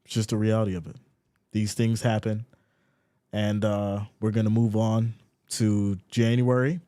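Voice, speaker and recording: A man hosting a casual sports live stream, reading viewer comments aloud and answering them in an animated, mock-exasperated way. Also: lowish voice, measured pace, clean tone.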